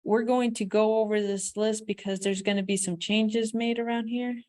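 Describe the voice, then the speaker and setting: A woman's voice: medium pitch, steady tone, moderate pace, a little mellow, lightly acted. A woman reading as a blustering husband. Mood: demanding. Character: blustering husband, grown man, demanding.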